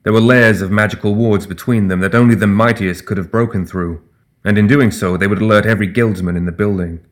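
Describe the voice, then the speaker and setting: A man narrates a fantasy novel in an audiobook. His fairly low voice stays steady and even as he tells the story. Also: a little fast.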